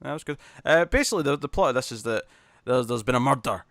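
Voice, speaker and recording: A man's voice: mid-range voice, animated, fast, fairly bright tone. A man talking casually on a comics podcast, chatty and easy with frequent restarts. His voice sits in a middle register. The recording is dry and close, with no room echo. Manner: chatty, laughs easily, many restarts. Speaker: podcast co-host.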